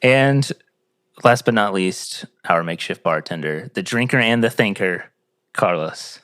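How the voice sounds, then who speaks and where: A man's voice: lowish voice, expressive, measured pace, fairly bright tone, no echo, clean studio sound. A man hosting a casual podcast, doing upbeat introductions and joking loosely with friends. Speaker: podcast host.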